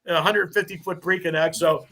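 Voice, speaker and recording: A man in his fifties, a firefighter lieutenant, telling animated, swearing stories on a podcast. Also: fairly high pitch, moderate pace, vocal fry. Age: 50s. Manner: animated, laughing, swearing storyteller. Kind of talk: casual storytelling.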